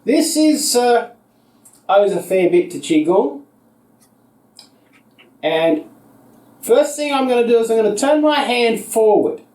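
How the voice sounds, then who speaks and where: High-voiced Australian man teaching yoga. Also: slow, long pauses. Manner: calm, patient cues paced to the breath. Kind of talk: guided seated yoga instruction. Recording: echoey room, voice picked up from a distance.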